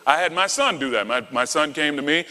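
A man's voice: on the high side, lively intonation, a little fast, bright, forceful tone. A man preaching a sermon, telling stories with dramatic flair and acting out the dialogue. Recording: long hall reverb.

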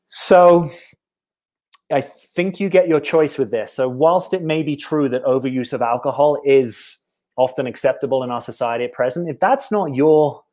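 A man's voice: mid-range voice, normal speed. British man coaching on relationships. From Britain. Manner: reflective, conversational, often tags "right?". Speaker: dating coach. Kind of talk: live-stream Q&A talk.

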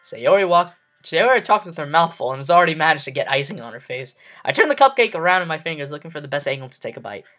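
A man reading a game's text aloud as its player, breaking off with expressive emotional reactions. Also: a little high, fast talker, few pauses, soft background music. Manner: expressive, reacting with emotional outbursts between read lines. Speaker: let's play host. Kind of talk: reading and reacting during a game playthrough.

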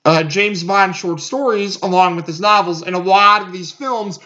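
A man's voice: high voice, moderate pace, bright, forceful tone. A man giving a casual movie review, rambling with lots of fillers and restarts. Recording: muffled lo-fi recording.

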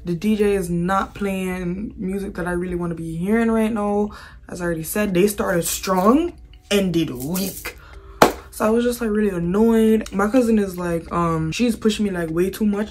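A woman vlogger tells a storytime straight to the camera in a casual, chatty voice. She gets exasperated and acts out what people said, with her voice rising as she goes. Her pitch sits in the middle. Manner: animated, exasperated storytelling with acted-out quotes.

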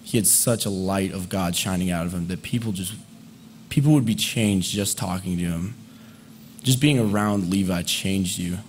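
Young man giving a halting eulogy. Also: deep voice, slight background noise. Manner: conversational, halting, with fillers and soft laughs. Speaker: eulogist, friend of the deceased. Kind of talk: memorial eulogy. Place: memorial service hall, indoors.

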